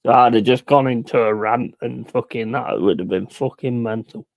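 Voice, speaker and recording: A man chatting on a live stream, cursing his way through football talk. He flips between loud, high-pitched outbursts and low muttered asides. The sound is dry and close, with no room echo. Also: moderate pace, creaky. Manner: sweary, ranting, swings between loud outbursts and mumbling asides. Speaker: streamer hosting a football watch-along. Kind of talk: casual live-stream chat.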